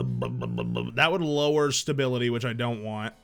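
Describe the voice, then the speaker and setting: A man's voice: medium pitch, brisk, creaky, a bit bright, soft background music. A man streaming a game live, thinking aloud in casual, profane chat.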